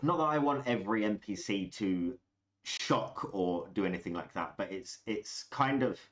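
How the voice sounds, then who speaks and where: A man chatting calmly as game master, explaining his choices in long flowing sentences. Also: on the low side, moderate pace. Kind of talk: casual chat.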